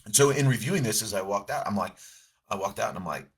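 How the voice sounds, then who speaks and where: A man's voice: lowish voice, lively intonation, fast, husky. A middle-aged man, a coach, talking earnestly and reflectively to a camera in a casual motivational way. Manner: earnest, reflective, with many restarts. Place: seated in front of a camera.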